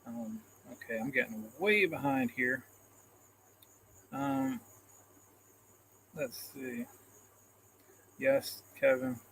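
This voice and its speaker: A man's voice: mid-range voice, wildly swooping pitch, very slow, creaky, pauses often, a bit bright, a little hiss or hum, low-quality recording. A man hosting a casual live stream, reading out comments in a rambling, self-deprecating way and chuckling often, into a phone camera. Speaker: livestream host.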